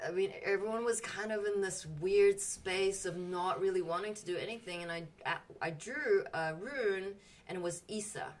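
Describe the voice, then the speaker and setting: A woman's voice: mid-range voice, normal speed, hardly any pauses, far from the mic. A woman in casual spiritual group chat, telling emotional stories animatedly and swearing freely.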